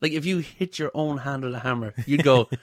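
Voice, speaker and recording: A man chatting casually, laughing often as he acts out quoted lines. His voice sits at an ordinary middle pitch. The sound is dry and close, with no room around it. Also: brisk, no echo. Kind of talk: casual chat.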